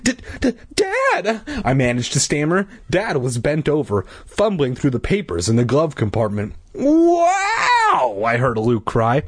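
A man's voice: mid-range voice, lively intonation, moderate pace, hardly any pauses, husky, no room sound. A man reading a children's horror book aloud, adding crude, irreverent jokes. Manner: irreverent, with crude joking asides.

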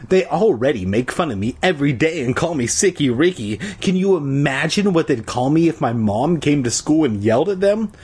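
A husky-voiced man reads a kids' story aloud with a lively, swinging delivery. He breaks in with irreverent, crude jokes between passages. The tone stays casual and mocking. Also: on the high side, moderate pace, hardly any pauses. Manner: irreverent, joking. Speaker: reader. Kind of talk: comedic storybook reading with crude asides.

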